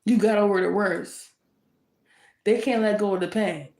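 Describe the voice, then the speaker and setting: A woman's voice: mid-range voice, steady tone, normal speed, darkish tone, a little hiss or hum. A woman deals out a tarot reading in a fiery, confrontational rush, circling back on her points again and again. Her voice sits in an ordinary middle register. The sound carries a roomy echo. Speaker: tarot reader.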